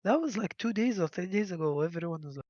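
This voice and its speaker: A man's voice: sits high, lively intonation, quick pace, darkish tone, no room sound, highs cut off. A man chatting on a group voice call, mockingly acting out what other traders say. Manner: mocking, acts out others' lines. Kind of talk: casual chat.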